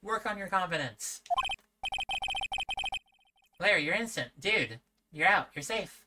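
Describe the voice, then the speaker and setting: A woman's voice: lowish voice, expressive, unhurried, very noisy. A woman streaming a game live, playful and self-deprecating, often tripping over her words. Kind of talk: live-streamed game playthrough, reading dialogue. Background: loud game music.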